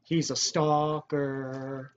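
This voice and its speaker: A woman's voice: extremely low pitch, little pitch movement, very slow, slight background noise. A woman hosting a let's-play, chatting and explaining the game in a giggly, casual way. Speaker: channel host. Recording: slightly muffled home recording.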